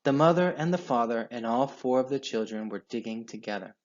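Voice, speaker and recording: A man reading a children's storybook aloud in an expressive, measured way. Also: mid-range voice. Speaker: children's book reader. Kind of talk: storybook read-aloud narration. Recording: dull lo-fi sound.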